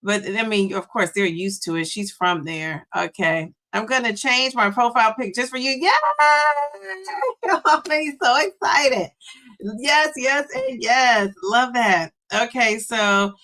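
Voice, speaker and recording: Bright-voiced bubbly woman on a live stream. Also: a little high, a little slow. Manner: bubbly, chatty, gives shout-outs. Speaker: livestream host and weight-loss coach. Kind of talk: casual live-stream chat reading comments.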